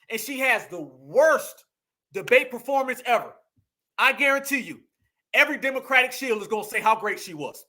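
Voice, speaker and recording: A man's voice: extremely high pitch, expressive, moderate pace, pushed and bright. Fired-up man preaching a political rant. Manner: preachy, emphatic, repeats phrases for punch, profane. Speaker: political commentary host.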